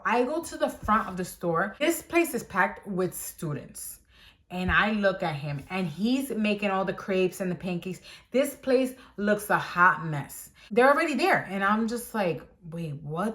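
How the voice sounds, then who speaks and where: A young woman vlogger animatedly telling a personal story time and acting out what people said. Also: mid-range voice. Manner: animated storytelling, acts out quotes.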